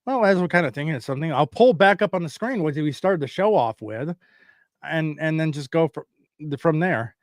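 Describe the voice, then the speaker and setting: A man's voice: a little high, animated, fairly quick, dry recording, studio quality. A man hosting a casual podcast, rambling loosely as he sets up a comedy bit. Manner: rambling, setting up bits. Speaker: podcast host. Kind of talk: casual chat.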